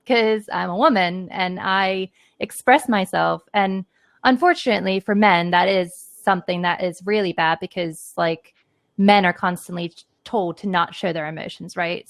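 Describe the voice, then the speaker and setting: A woman's voice: on the low side, gravelly, no room sound. A woman podcaster speaking as a guest in a casual panel conversation, earnest and reassuring, with many fillers.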